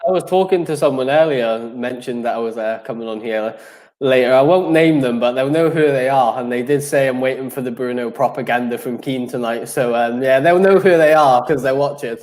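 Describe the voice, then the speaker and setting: A man's voice: medium pitch, brisk, darkish tone. A man co-hosting a casual football chat, who speaks with hesitant restarts and teases his co-host. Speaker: podcast co-host.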